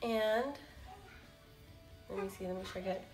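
A young woman vlogger, a bit sick, gushing excitedly to viewers as she unboxes a gift at home on her camera mic. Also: mid-range voice, a little slow. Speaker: beauty vlogger. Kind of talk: unboxing first impressions. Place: room at home with a window. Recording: echoey room, faint background music.

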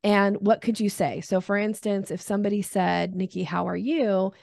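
A middle-aged woman talks sales in a relaxed interview, her voice carrying a slight fry. She animates her points with quick acted-out voices. The sound is close and dry, with no room around it. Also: mid-range voice, no room sound. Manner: animated, acts out voices in examples. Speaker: sales expert guest. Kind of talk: casual interview chat.

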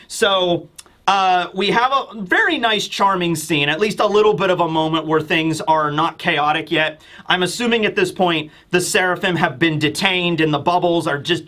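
A man's voice: a little high, bright, forceful tone. A man giving a chatty, explanatory commentary as a manga review host. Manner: chatty, explanatory, frequent asides. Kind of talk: casual commentary.

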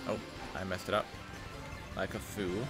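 A man streaming a racing game, reacting out loud with yelps, groans and laughs as he plays. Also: low voice, flat delivery, a little slow, loud music behind the voice. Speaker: gaming streamer. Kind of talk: live game commentary.

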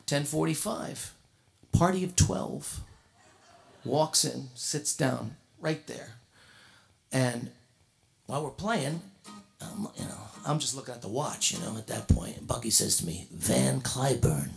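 A middle-aged man, a jazz guitarist and singer, telling a funny story on a concert stage, lively and full of restarts. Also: mid-range voice, a little slow, creaky, pauses often. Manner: animated, comic storyteller with frequent laughs and restarts. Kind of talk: anecdotal storytelling at a tribute concert. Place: concert stage before an audience.

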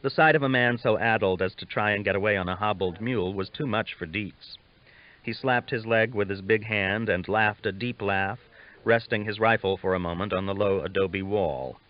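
Low-voiced male audiobook narrator, lo-fi. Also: moderate pace. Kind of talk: scripted narration. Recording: dull lo-fi recording.

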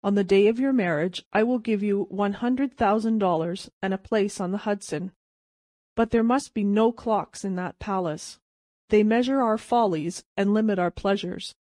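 A woman's voice: mid-range voice, moderate pace, no echo, studio quality, lightly acted. Woman voicing a solemn ragged self-styled prince. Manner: even, well-modulated, solemn. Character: ragged old vagrant who calls himself a prince, gentle and grand.

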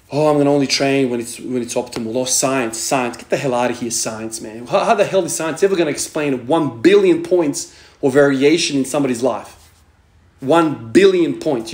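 A man's voice: mid-range voice, darkish tone. A man in his thirties giving a blunt, profane motivational monologue as a strength training vlogger, hammering points home with "man". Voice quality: profane, emphatic, repeats "man". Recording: echoey room.

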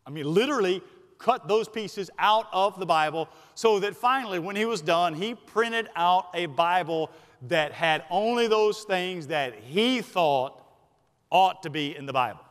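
A man with a Southern US accent, a senior pastor preaching a sermon to his congregation. He talks emphatically, slowing down to stress key words and then speeding through asides. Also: sits high, animated, fairly bright tone. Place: church sanctuary. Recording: long reverb of a church sanctuary.

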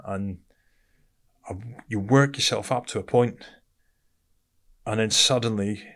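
A man's voice: lowish voice, slow pace, fairly bright tone. A man from Britain, a podcast guest telling his story bluntly and candidly, swearing often and calling the host mate.

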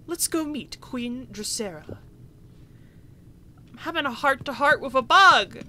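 A young woman giving casual, excitable commentary over a video game, gushing and swearing freely. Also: high-pitched. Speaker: gaming streamer. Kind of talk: casual let's-play commentary.

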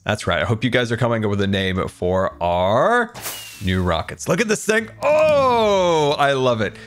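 Guy doing goofy minecraft commentary, voice bouncing all over, giggly, bit of music behind. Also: lowish voice. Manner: playful, giggly, theatrical. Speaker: Minecraft let's-play host. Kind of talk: casual gameplay commentary.

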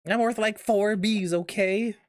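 A man's voice: sits high, steady tone, a little slow, noisy background, voice pushed up. A man voicing a brash, cocky young female bee explorer, reading game dialogue aloud in a raised, indignant voice. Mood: boastful.

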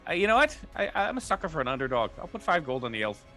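A gossipy tavern keeper with a raised, lively voice, as a game master puts him on. He chats eagerly about who will win a brawl. Faint music plays behind him. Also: a little high, very fast, pitched above the performer's own voice, heavily acted. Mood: amused.

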